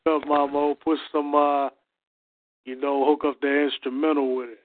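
A man on a call who gives calm, practical, matter-of-fact suggestions. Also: a little high, moderate pace, slight background noise. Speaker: open mic participant. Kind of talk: casual chat on a call. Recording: dry tinny phone line.

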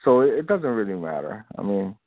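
A man's voice: on the low side, very animated, a little fast, no room sound. A man, a guest filmmaker, chatting casually in a radio interview, loose and repetitive, laughing often. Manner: loose and talkative, repeats himself, laughs often. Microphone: phone. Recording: dry, tinny phone line.

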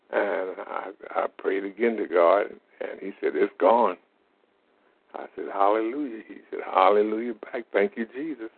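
A man's voice: fairly low pitch, gravelly, slightly rough. A man, telling faith-healing stories in a plain-spoken, folksy way as a lay minister. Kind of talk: informal testimony monologue. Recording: tinny phone-like audio.

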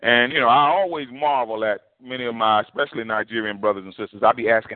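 A man preaching a folksy storytelling sermon, addressed as apostle, animated and full of vivid asides. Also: mid-range voice, quick pace, hardly any pauses, dry recording. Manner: animated, folksy, quotes others in lively voices. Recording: tinny phone-like dry sound.

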